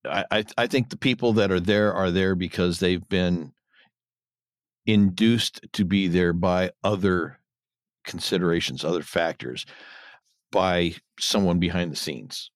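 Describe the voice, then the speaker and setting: A man co-hosting a podcast, recapping episode scenes in casual chat and now and then mimicking characters in a higher voice. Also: steady tone, a little slow, no echo, clean studio sound. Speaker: podcast co-host.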